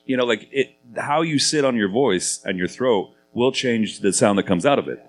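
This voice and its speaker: Deep-voiced man telling stories on stage. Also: normal speed. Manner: animated, chatty storyteller. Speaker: guest actor at a convention panel. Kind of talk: live panel interview, storytelling. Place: convention panel stage.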